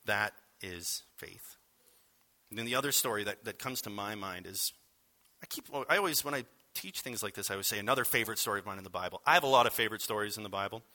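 Bright-voiced man preaching casually. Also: lowish voice, fast. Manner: conversational, wry preaching with asides. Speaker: pastor. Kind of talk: sermon.

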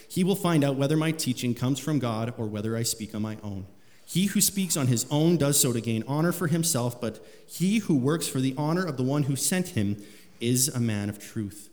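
A man preaching a sermon, reading scripture aloud with rising emphasis. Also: darkish tone. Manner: rises in pitch and volume when reading scripture aloud. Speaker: pastor. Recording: long hall reverb.

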